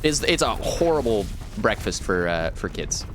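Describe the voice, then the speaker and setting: A man rambles through live gameplay commentary, joking and talking to his chat. His pitch swoops and leaps all over as he talks. Soft music plays faintly behind him. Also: big pitch swings, moderate pace. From rural United States. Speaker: streamer.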